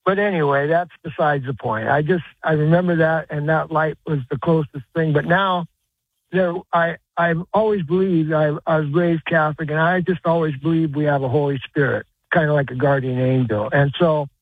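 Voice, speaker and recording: A man calling in to a radio show, telling a personal story in a halting, rambling way with lots of restarts. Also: on the high side, fairly even intonation, no room sound. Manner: rambling, halting, many uh's and restarts, earnest. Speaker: caller. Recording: tinny phone line.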